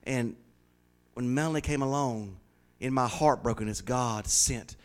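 A man preaching a sermon as pastor, swinging from loud, rising declarations to hushed, confiding stories. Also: mid-range voice, measured pace, smooth.

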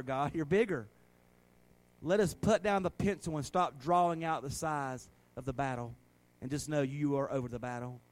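A man, a pastor preaching a sermon and leading a prayer, swinging between loud exhortation and soft, earnest prayer. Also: fairly high pitch.

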